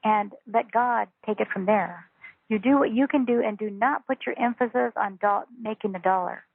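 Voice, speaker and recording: A woman teaching spiritual ideas down a phone line, her voice gravelly and husky. She talks earnestly and emphatically, repeating phrases to drive them home. The sound is tinny and dry, like a phone call. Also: medium pitch, normal speed. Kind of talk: phone interview.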